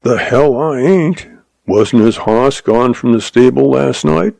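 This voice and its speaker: A man voicing a slow-witted small-town sheriff who blusters, in a western audiobook. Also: mid-range voice, gravelly, a little mellow, dry recording. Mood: blustering. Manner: meek then blustering.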